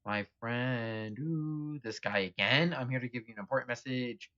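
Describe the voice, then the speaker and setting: A man's voice: mid-range voice, moderate pace, pushed and bright, no echo, lightly acted. A solemn male spirit messenger from beyond, voiced by a man tries to deliver a prophecy while coughing. The recording is a little dull. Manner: interrupted by coughs.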